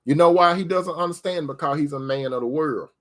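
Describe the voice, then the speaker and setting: A man's voice: on the high side, brisk, a bit bright. A man giving preacher-style relationship advice, asking rhetorical questions and calling listeners sister. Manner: addresses listeners as sister, repeats key phrases.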